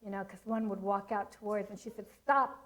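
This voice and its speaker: A middle-aged woman telling lively stories about training children to a church audience, laughing often and acting out what people said. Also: mid-range voice, fast, rough recording. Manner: animated storytelling, laughs often, acts out quotes. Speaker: Christian child-training speaker. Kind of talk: storytelling talk to a church audience.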